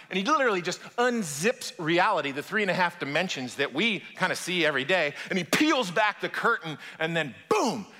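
Animated bright-voiced male preacher. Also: high-pitched. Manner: animated, acts out voices in quotes. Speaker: pastor. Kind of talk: sermon. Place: church hall with audience. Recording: long hall reverb.

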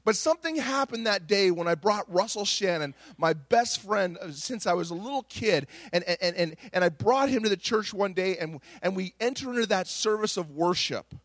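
A man's voice: high-pitched, animated, moderate pace, hardly any pauses, fairly bright tone, no room sound. A middle-aged male pastor preaching a Pentecostal sermon with impassioned delivery, repeating words and restarting phrases as he tells a story.

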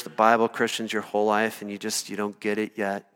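A male pastor from Iowa delivering an impassioned sermon, swinging between shouted peaks and quiet, intimate stretches. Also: fairly low pitch, little pitch movement, brisk, clear, resonant tone. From Iowa, USA. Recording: long reverb of a church hall.

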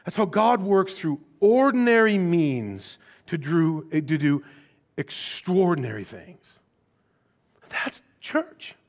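High-voiced animated male preacher. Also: unhurried. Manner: animated storytelling, swings between quiet asides and raised emphasis; conversational, casual phrasing with restarts. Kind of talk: sermon.

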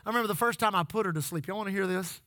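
A man's voice: high voice, very fast, pushed and bright, dry recording. A middle-aged man preaching a sermon, telling folksy stories and calling out to the congregation. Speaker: pastor.

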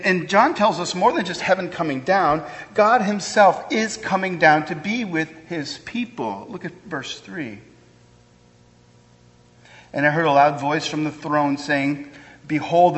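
A man's voice: fairly high pitch, fairly bright tone. A man preaching a sermon as pastor, earnest and conversational, with joking asides. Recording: long hall reverb.

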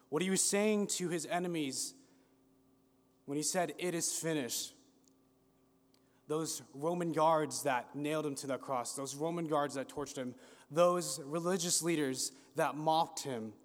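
A man preaching a sermon with a slow, dramatic delivery that rises and falls. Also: on the high side. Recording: long hall reverb.

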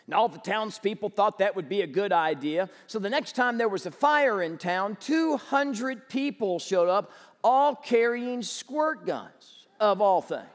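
A man preaching a sermon as pastor, telling stories with animated energy and rising to shouts. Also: high-pitched, a little slow, big-room sound.

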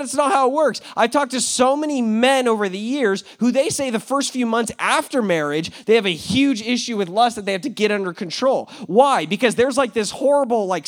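A young man preaches with a very high-pitched voice. He keeps it casual and joking, full of fillers and asides to his listeners. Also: a bit bright. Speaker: pastor. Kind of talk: sermon.

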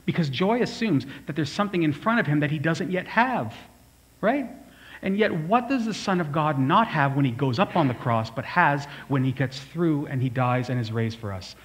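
A man's voice: fairly high pitch, animated, moderate pace, rough recording. Conversational male pastor telling a story. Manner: storytelling, conversational, asides to the congregation. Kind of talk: sermon.

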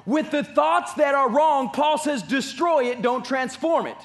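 A man's voice: extremely high pitch, a little slow. A man preaching a sermon as pastor, emphatic and repeating his key phrases.

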